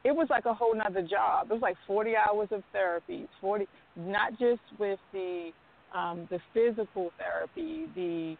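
Gravelly woman caller on a phone line. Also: medium pitch. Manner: slow, hesitant, many filler sounds. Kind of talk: sharing her story on a phone prayer line.

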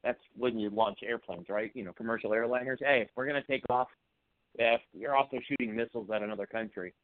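A man calling in to a talk show, speaking in a heated, fired-up way with a voice that turns a little hoarse. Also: medium pitch, quick pace, dry recording. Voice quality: voice turning hoarse. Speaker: call-in guest. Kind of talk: political call-in rant. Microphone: phone call. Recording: tinny phone line.

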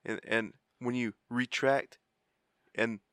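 A man, a native Spanish speaker, co-hosting a relaxed podcast in a bright, mid-pitched voice. He laughs often, swears, and trips over his words as he restarts sentences. The sound is close and dry. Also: takes it slowly, clean tone, no echo. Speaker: podcast co-host. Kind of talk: casual chat.

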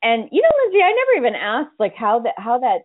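A woman's voice: fairly high pitch, quick pace. A woman hosting a radio show, chatting casually and telling stories animatedly. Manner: animated storyteller, acts out quoted lines. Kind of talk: casual chat. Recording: tinny phone line.

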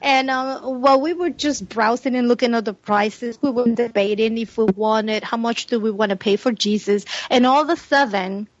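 A woman with a high voice tells an animated story in casual podcast chat, laughing often as she talks. The sound is dry and close, with a dull, lo-fi tone. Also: normal speed, few pauses, no room sound. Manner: animated, laughs often while telling stories. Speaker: podcast co-host.

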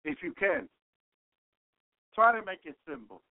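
Fervent male radio preacher, high voice, dry close sound, repetitive praise. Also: big pitch swings, unhurried, vocal fry, dry recording. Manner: repeats phrases, fervent exclamations of praise. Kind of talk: sermon. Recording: tinny phone-like radio broadcast.

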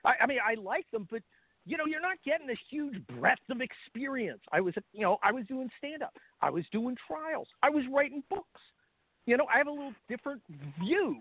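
A man's voice: very high-pitched, animated, a little fast, no room sound. A middle-aged man from California, a guest on a talk radio show, talking in a blunt, combative and sarcastic way. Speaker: guest commentator. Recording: dry, tinny phone line.

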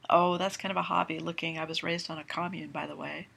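A woman's voice: deep voice, little pitch movement, fast talker, gravelly, fairly bright tone, husky, full character voice. A woman voicing a confident young male doctor. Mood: earnest.

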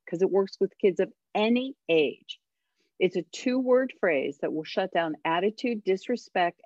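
A woman's voice: on the low side, darkish tone, dry recording. Emphatic parenting coach woman, lo-fi line. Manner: emphatic, gives tips with dramatic pauses. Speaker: parenting coach and author, guest. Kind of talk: casual radio interview.

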